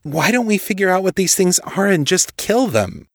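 A man voicing a commanding young woman investigator who talks briskly, with an exasperated edge. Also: mid-range voice, animated, a bit bright, no echo, studio quality, natural voice. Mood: urgent.

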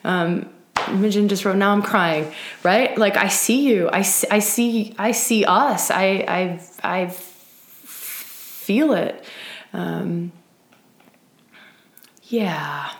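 An earnest woman leads a live spiritual circle, speaking at a middle pitch with a lot of emphasis. She often checks in with "right?" and restarts her sentences. Her voice echoes in the room around her. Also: very slow, pauses often. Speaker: circle leader. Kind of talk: live-streamed spiritual talk.

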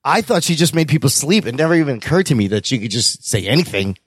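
A man co-hosting a podcast, chatting casually and excitedly and laughing as he retells scenes. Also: medium pitch, quick pace, breathy edge, no room sound, clean studio sound. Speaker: podcast co-host. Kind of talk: casual chat.

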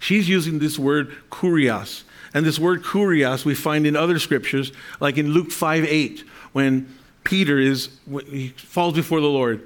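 A pastor speaks at a measured pace in a slightly high voice as he preaches. Reading scripture to the congregation and explaining it, he frequently restarts his sentences and asks them for amens.

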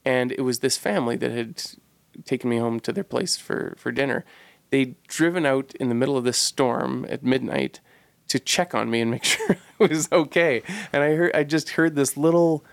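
Gravelly-voiced man telling a reflective story. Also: mid-range voice, moderate pace, no room sound. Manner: earnest, reflective, searching for words. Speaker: podcast co-host telling a personal story. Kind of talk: casual storytelling.

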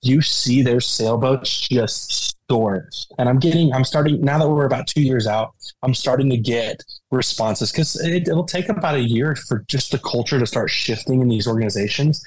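Male podcast guest, earnest and animated, medium pitch, dry studio sound. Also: moderate pace, no room sound, poor audio. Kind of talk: conversational interview.

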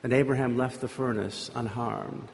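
A man retells a scripture story from the pulpit in a loose, conversational way, wandering into asides and filler words. His voice sits at an ordinary pitch and rings out with a long reverb from the hall around him. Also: steady tone, moderate pace, vocal fry, darkish tone, a little hiss or hum. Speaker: preacher. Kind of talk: informal sermon storytelling.

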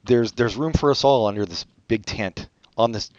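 A man co-hosting a podcast in casual chat, joking in a sarcastic, deadpan way. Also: mid-range voice, normal speed, dry recording, lo-fi sound. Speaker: podcast co-host.

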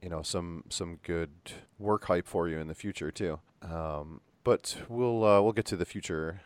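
A man with a very low voice hosts a podcast interview in a relaxed, rambling way, full of fillers and casual swearing. His voice sounds close and dry, with no room around it. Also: moderate pace, no room sound. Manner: loose and chatty, swears, many fillers. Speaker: podcast host.

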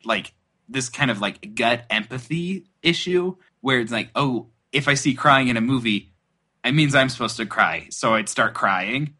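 A man's voice: mid-range voice, expressive, a little slow, pushed and bright. A man guesting on a podcast, chatting casually with hesitant restarts and self-deprecating jokes. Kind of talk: casual chat.

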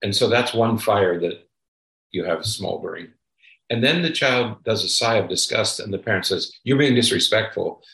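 A man's voice: on the low side, moderate pace, creaky, a bit bright, reverberant, low-quality recording. A man co-hosting a parenting podcast, speaking emphatically and checking in with "okay?" as he makes his points. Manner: emphatic, repeats "okay?" to drive points home. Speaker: podcast co-host, psychologist. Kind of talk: casual advice chat.

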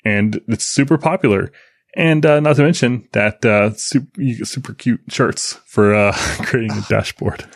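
A man co-hosting a tech podcast, talking in a rambling, enthusiastic, halting way. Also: mid-range voice, vocal fry, no room sound, clean studio sound. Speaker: podcast co-host. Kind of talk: casual chat.

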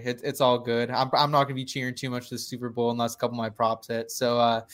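A man's voice: medium pitch, steady tone, fast, few pauses, a bit bright, clear, resonant tone. A man co-hosting a casual sports podcast, laughing often and stammering through restarts. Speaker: podcast co-host.

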